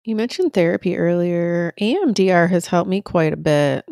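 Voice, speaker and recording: Low gravelly woman podcast host. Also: moderate pace, mellow, no room sound, studio quality. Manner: reflective, self-described stoic. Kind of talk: casual podcast conversation.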